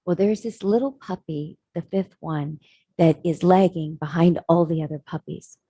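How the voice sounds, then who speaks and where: A woman's voice: lowish voice, normal speed, mellow, slightly rough, dry recording. A woman telling a parable in a sermon, speaking earnestly and reflectively. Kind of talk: sermon storytelling.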